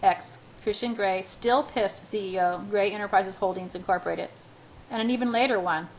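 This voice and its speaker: A woman's voice: mid-range voice, normal speed, a little hiss or hum, poor audio. A woman reading a first-person novel aloud in a casual, unpolished way, with restarts and self-corrections. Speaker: amateur audiobook reader.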